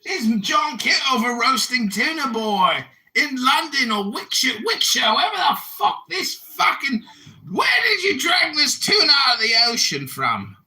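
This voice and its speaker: A man in his forties hosting a livestream, shouting and mocking someone in a heated argument. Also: very high-pitched, big pitch swings, a little slow. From United States. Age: 40s. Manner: mocking, shouting insults, mock British slang. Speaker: livestream host.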